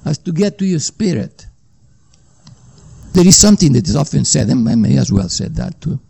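A man's voice: on the high side, big pitch swings, moderate pace, gravelly, warm tone, breathy edge. A man preaching a Bible teaching sermon, rambling and repeating himself, often checking in with his listeners. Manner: rambling and repetitive, often checking in with "okay?" and "you know".

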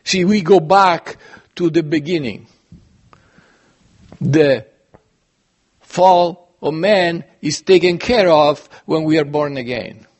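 Man giving a sermon, fairly high and slightly husky, earnest with swelling emphasis. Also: slow, long pauses. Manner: earnest, emphatic, with sudden rises and drops in loudness. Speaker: preacher.

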